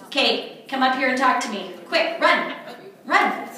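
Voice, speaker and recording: A woman's voice: sits high, expressive, measured pace, pushed and bright. A woman leading a live workshop demonstration for an audience, playful and teasing as she gives instructions. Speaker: workshop presenter. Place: event room at a retreat. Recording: echoey room, mic far off.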